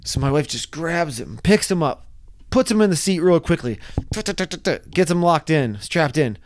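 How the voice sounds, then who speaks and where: A man casually telling a wild story to camera, animated and often restarting his sentences. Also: fairly high pitch, normal speed. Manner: animated, acts out shouted quotes, frequent restarts. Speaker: vlogger.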